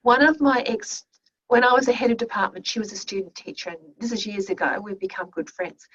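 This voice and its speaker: A woman's voice: mid-range voice, a little fast, a bit bright, husky. A woman teaching an online class, telling classroom stories in a chatty way full of restarts, heard over a video call. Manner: anecdotal, conversational, with many restarts. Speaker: teacher educator. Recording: muffled, distant video call audio.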